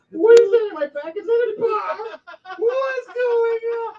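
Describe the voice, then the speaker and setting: A shrill, hysterical spider queen, as a man puts her on. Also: slow pace, far from the mic, heavily acted. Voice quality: shrill, cackling. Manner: shrieking in laughing panic. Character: panicked, hysterically laughing female spider queen. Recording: dull lo-fi sound, faint music.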